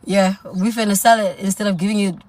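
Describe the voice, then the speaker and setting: A woman's voice: medium pitch, fairly even intonation, quick pace, a little mellow. Woman livestream host, casual coaching talk, sassy and chatty, quips at commenters. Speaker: self-improvement livestream host.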